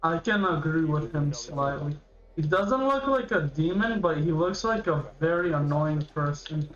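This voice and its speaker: A man's voice: on the high side, lively intonation, measured pace, fairly bright tone, muffled recording. Rambling teenage male streamer. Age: late teens. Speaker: livestreamer reacting to a video. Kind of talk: casual rambling chat.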